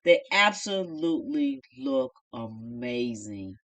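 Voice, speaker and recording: A woman's voice: mid-range voice, lively intonation, unhurried, fairly bright tone. A middle-aged woman casually chatting through a reality show review in a folksy, opinionated way.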